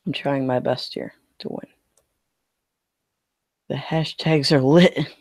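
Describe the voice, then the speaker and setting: A man's voice: mid-range voice, fairly even intonation, takes it slowly, no room sound. A young man streaming a card game, complaining in a whiny, mock-scared way. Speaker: gaming streamer.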